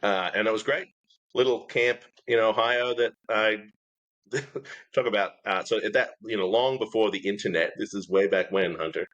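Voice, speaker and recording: A man's voice: moderate pace, fairly bright tone, lo-fi sound. A middle-aged man with an Australian accent that drifts toward American, telling stories as an interview guest. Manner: storytelling, acts out past quotes in a higher voice. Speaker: guest, camp ministry leader. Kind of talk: casual conversational interview.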